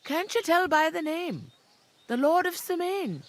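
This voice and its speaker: A woman's voice: very high voice, expressive, a little slow, a little hiss or hum. A woman voicing a blunt, gossipy tavern keeper in a video game, her accent drifting between regions as she talks. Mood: chatty.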